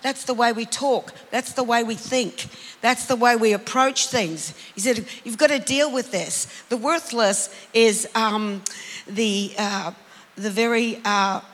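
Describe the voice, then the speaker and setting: A preacher delivering a sermon, emphatic and calling out to the congregation, then dropping into quiet, reflective passages. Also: mid-range voice, in a large hall, poor audio.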